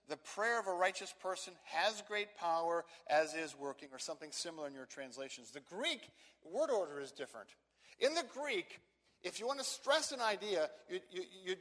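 A pastor with a high-pitched, fairly bright voice gives an expository sermon in a church sanctuary, speaking emphatically, repeating words, and slowing down to stress key phrases. A long hall reverb trails every phrase.

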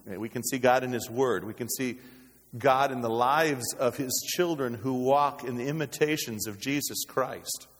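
A man preaching a sermon as pastor, with dynamic delivery that swings from loud exclamations to hushed low tones. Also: normal speed, husky. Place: church sanctuary. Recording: reverberant hall.

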